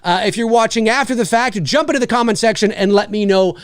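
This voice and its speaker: A man hosting a live show, talking casually and giving his opinion, animated and repeating himself with frequent restarts. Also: sits high, fast, clear, resonant tone, dry recording, clean studio sound.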